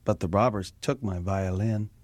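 A man's voice: low-pitched, steady tone, normal speed, a little mellow, no room sound, lightly acted. A man playing a dazed rambling patient. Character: confused rambling male patient. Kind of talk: comedy radio sketch.

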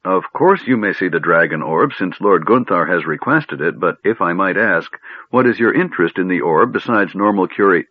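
A man voicing an excitable, fussy male gnome who talks in rapid, eager bursts, recorded on a narrow phone-like line. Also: low voice, breathy edge, dry recording. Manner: rapid, eager, runs words together.

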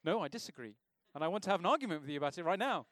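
A man's voice: high voice, lively intonation, rapid-fire, a bit bright, no room sound. A man preaching an informal sermon in a church, talking conversationally and asking the congregation questions.

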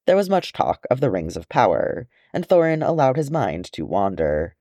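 A man narrating a fan fiction audiobook chapter with expressive storytelling. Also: moderate pace, dry recording, studio quality. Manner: expressive storytelling with lively pitch. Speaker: audiobook reader.

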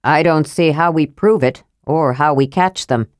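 A woman reading an audiobook aloud and voicing a steady male leader who speaks in a quiet, measured way. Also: low voice, no echo, studio quality, close to an everyday voice.

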